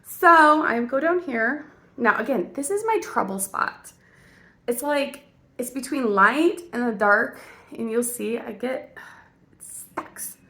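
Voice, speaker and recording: An actress and mom with a fairly high, sharp-toned voice talks slowly and animatedly as she walks her viewers through her makeup routine. She's an adult parent, silly and chatty, speaking directly to the audience in this casual makeup tutorial.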